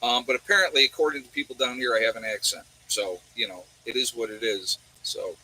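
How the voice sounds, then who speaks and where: A man's voice: medium pitch, a little fast, hardly any pauses, pushed and bright, a little hiss or hum, low-quality recording. A man with a New York accent hosting a livestream and answering viewer chat in a rambling way, often asking his audience rhetorical questions. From New York State.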